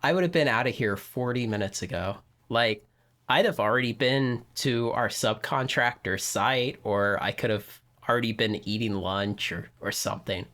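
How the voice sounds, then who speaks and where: A man's voice: on the low side, moderate pace, fairly bright tone. A man co-hosting a podcast who tells a long, rambling anecdote in casual chat, full of "you know" and restarts. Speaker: podcast co-host telling a story.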